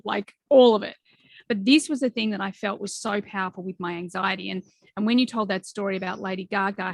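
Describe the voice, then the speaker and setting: A woman's voice: mid-range voice, creaky, no echo. A woman in her forties hosting a podcast interview, talking in an earnest, reflective way with plenty of fillers. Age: 40s. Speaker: podcast host. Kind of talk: conversational interview.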